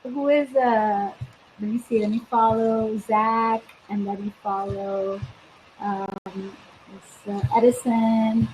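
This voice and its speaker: A woman life coach hosts a live video stream in a high, bright register. She chats casually and upbeat, talking straight to her viewers. Her call mic picks up some faint background noise. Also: fairly even intonation, takes it slowly, low-quality recording.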